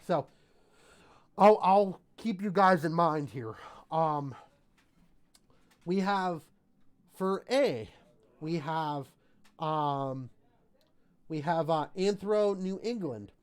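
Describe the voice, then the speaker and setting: A man's voice: fairly high pitch, expressive, a little slow, long pauses. A man hosting a casual livestream call-in show, rambling and self-deprecating as he chats with viewers.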